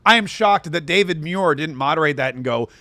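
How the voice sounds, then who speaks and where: A man hosting an opinionated political commentary show, sarcastic and prone to rambling asides. His voice sits high for a man. The sound is dry and close. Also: lively intonation, brisk, sharp tone, no echo.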